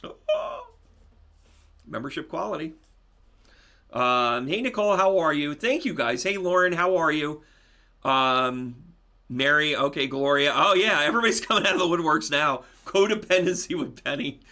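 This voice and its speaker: Hosting a casual live stream, a spiritual medium and astrology teacher chats with his viewers in an animated way, now and then breaking into loud laughter. He has a slightly high voice and keeps a moderate pace.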